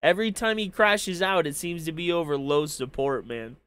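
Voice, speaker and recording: A man's voice: on the high side, moderate pace, fairly bright tone, clear, resonant tone. A man hosting a casual livestream. He comments with profane, mocking rants and then signs off to his viewers. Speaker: stream commentator.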